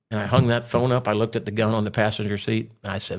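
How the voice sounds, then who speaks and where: A man with a fairly low voice tells a story in a casual, spoken way. He acts out the voices of other people as he retells what happened. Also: steady tone, fast talker, hardly any pauses. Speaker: storyteller recounting a robbery.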